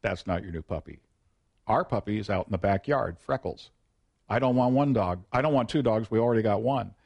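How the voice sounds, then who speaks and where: A man voicing a small, fiery English mother who scolds her son, speaking lower and quieter than his own voice. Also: a little fast, gravelly, highs cut off. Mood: disapproving.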